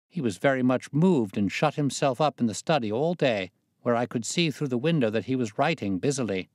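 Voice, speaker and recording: A man narrating a classic story aloud in a steady, measured reading voice. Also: mid-range voice, dry recording, studio quality.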